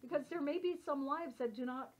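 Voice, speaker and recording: A woman leading a workshop, talking in a chatty, animated way full of casual fillers. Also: high voice, a little fast. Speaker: workshop leader. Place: workshop room. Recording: dull lo-fi recording.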